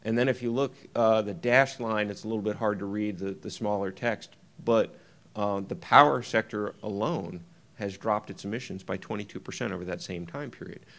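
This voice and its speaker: Low-voiced man giving a keynote. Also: fairly even intonation, vocal fry, fairly bright tone. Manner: halting, many ums and uhs, talks through slides. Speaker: keynote speaker. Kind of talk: conference keynote talk.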